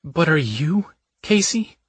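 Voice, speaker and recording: Man voicing a frightened, sharp-tongued young woman. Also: on the high side, big pitch swings, slow, slightly rough, no echo, voice pushed up, full character voice. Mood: fearful.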